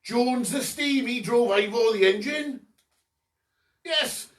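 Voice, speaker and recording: A man's voice: very high voice, slow. A man hosting a home quiz, reading each question and giving the answer himself with jokey asides. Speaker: quiz host. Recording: echoey room, distant mic.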